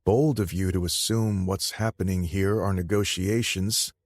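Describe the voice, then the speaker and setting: A man's voice: sits low, steady tone, a little slow, a little mellow, no echo, clean studio sound. A man voicing a curt, cold mob brother. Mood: demanding. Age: 30s. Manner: curt, demanding. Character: cold demanding older male mafia brother.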